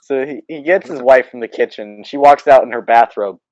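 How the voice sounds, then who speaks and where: A young man from Oklahoma, in his late teens, telling stories on a casual podcast, halting and restarting, then getting animated. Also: medium pitch, dry recording, lo-fi sound. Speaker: podcast co-host.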